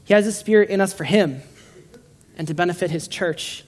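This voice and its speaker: Before listeners gathered in a room, a preacher with a mid-range voice and measured pace offers a casual, humorous sermon, regularly stumbling and beginning phrases again.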